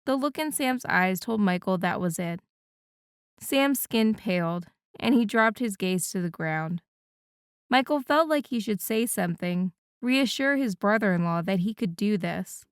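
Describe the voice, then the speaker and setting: A woman reads an audiobook in an even, measured voice. Her tone is smooth and resonant, and the close recording is dry, with no room sound. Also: mid-range voice, dry recording. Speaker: audiobook narrator. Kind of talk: scripted narration.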